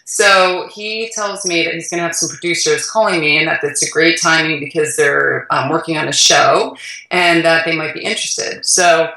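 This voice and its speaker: Woman, business founder, animated storyteller, bright voice, distant mic in an echoey office. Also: deep voice, moderate pace. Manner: lively storyteller, acts out voices, frequent "like" fillers. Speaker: food company founder, guest. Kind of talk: storytelling in a conversational interview. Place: her office. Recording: echoey room, voice far from mic.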